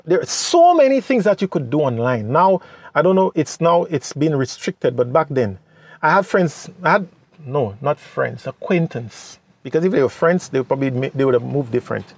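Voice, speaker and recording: A man gives young people earnest, preachy advice in a casual monologue and repeats phrases for emphasis. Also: a little high. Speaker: vlogger giving advice to youth.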